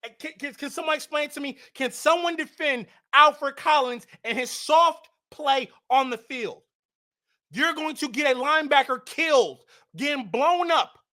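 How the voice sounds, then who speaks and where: A woman giving heated football fan commentary, blunt and mocking, rising to shouts. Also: sits high. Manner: repetitive, mocking trash talk.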